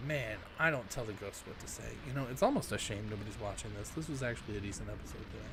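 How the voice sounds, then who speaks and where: A man's voice: medium pitch, animated, quick pace, few pauses. A man reading a game's dialogue aloud and breaking in with sarcastic, swearing asides as a let's play host. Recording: clear background noise.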